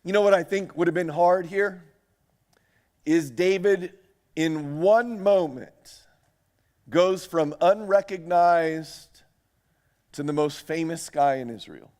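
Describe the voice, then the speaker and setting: A man's voice: fairly high pitch, takes it slowly, pauses often. A man preaching a sermon to a church audience, reading scripture aloud and putting questions to his listeners. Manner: animated, asks the audience questions. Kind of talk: sermon lecture.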